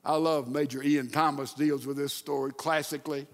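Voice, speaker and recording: A man preaching a sermon with emphatic delivery and dramatic pauses. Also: a little high, little pitch movement, big-room sound. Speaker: pastor.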